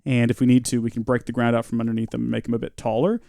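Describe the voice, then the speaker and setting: A man's voice: mid-range voice, little pitch movement, rapid-fire, gravelly, mellow, no echo, studio quality. A man giving chatty, joking live gameplay commentary and reading out viewer comments. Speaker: streamer.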